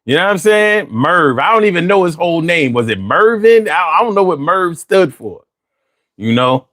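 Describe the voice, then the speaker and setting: A man's voice: a little high, sing-song, normal speed, a bit bright. A man telling stories in a casual chat, repeating words as he goes.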